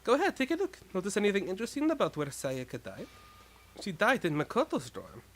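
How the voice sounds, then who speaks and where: A man voicing a calm, sharp-minded teenage girl detective with a cool, probing manner. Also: high voice, fast, voice pushed up.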